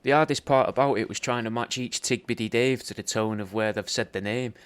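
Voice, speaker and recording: A man's voice: mid-range voice, fairly quick. A man hosting a podcast, delivering a rambling, sweary comedic roast and calling the listener "mate" constantly. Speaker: podcast host recording paid video messages.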